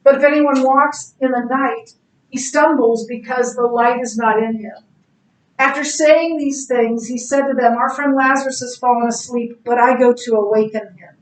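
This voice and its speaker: A middle-aged woman teaching a Bible class in a casual, animated way, telling stories and laughing easily. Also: fairly high pitch. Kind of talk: casual classroom lecture with anecdotes. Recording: echoey classroom, distant mic.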